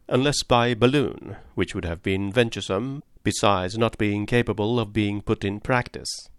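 A man narrating a classic adventure novel aloud in a steady, measured way. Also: fairly low pitch, no room sound, studio quality. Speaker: audiobook narrator. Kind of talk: scripted narration.

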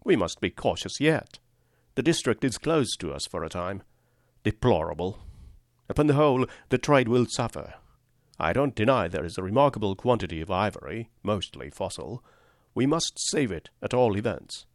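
Guy reading smug company boss, fake sad, low gravelly voice, dry close sound. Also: sing-song, normal speed, no room sound. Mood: smug regret. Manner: cautious, sighing, falsely sorrowful. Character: scheming company manager, grudging and self-righteous. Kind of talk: audiobook character voice.

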